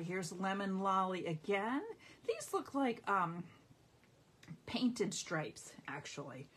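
A woman's voice: medium pitch, fairly bright tone, husky. A middle-aged woman hosting a casual live craft showcase, gushing enthusiastically over her products. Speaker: craft demonstrator.

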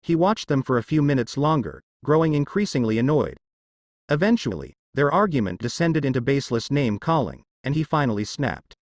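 A man narrating a fanfiction story in a steady, expressive scripted reading. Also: medium pitch, brisk, no echo.

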